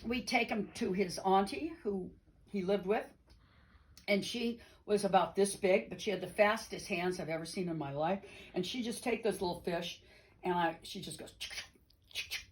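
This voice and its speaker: A middle-aged woman telling a personal story to an audience in an animated, playful way, talking to them directly. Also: mid-range voice, rough recording. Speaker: storyteller and singer. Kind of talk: told personal story with sing-along.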